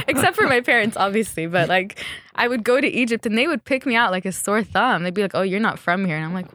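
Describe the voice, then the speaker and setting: A woman's voice: mid-range voice, very animated, fairly quick, a bit bright, dry recording, studio quality. A woman fashion designer chatting in an interview, laughing often and acting out what people said to her. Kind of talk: casual interview chat. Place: Dubai.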